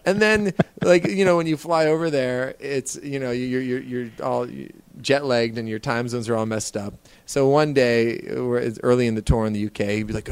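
A man chatting on a podcast who tells long, rambling stories. He talks at an ordinary pitch and keeps slipping into other people's voices. The sound is very dry and close. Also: moderate pace, clear, resonant tone, no room sound. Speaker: podcast co-host and touring musician. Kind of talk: casual podcast chat.

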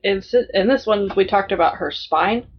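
A woman guest co-hosting a casual book discussion, relaxed and thinking aloud with hesitant fillers. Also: medium pitch, moderate pace, a little hiss or hum. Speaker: guest co-host. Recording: lo-fi dull audio.

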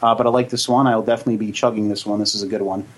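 A man's voice: on the low side, level tone, very fast. A man co-hosting a casual beer tasting stream, teasing his co-host and slipping into a mock infomercial delivery. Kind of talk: casual joking beer review chat.

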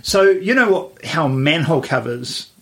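A man's voice: a little high, expressive, moderate pace, vocal fry. A man co-hosting a podcast in casual chat, rambling with lots of fillers and restarts. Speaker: podcast co-host.

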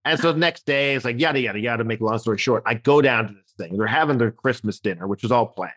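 A man's voice: medium pitch, fast talker. A man from Newfoundland, a comedian guest, telling a story in a casual chat and acting out the voices. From Newfoundland, Canada. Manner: animated anecdote telling, acts out voices.

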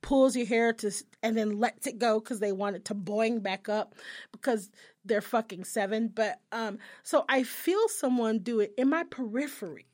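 A woman's voice: fairly high pitch, normal speed, a little mellow. A young adult woman co-hosting a casual chat, telling a story with a lot of profanity and acting out the people she quotes. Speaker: podcast co-host.

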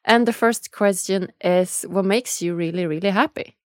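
A woman's voice: medium pitch, normal speed, no room sound, studio quality. Earnest, emotional woman podcast host. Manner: emotional, earnest, many fillers and laughs. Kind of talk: casual interview chat.

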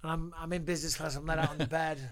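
A man's voice: a little high, racing, crowd noise. A man, a podcast guest telling stories casually and swearing freely. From England. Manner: profane, lively anecdotal storyteller. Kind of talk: casual storytelling interview.

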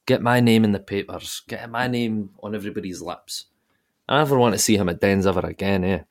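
A Scottish man talks football in casual podcast chat. His voice sits on the low side, and he is blunt, sweary and given to repeating himself. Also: fairly quick. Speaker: podcast co-host.

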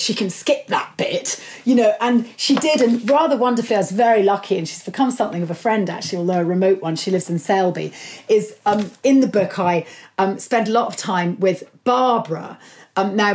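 A woman author speaking as a guest in an interview, telling history stories with enthusiasm and an animated manner. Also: medium pitch. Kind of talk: conversational interview.

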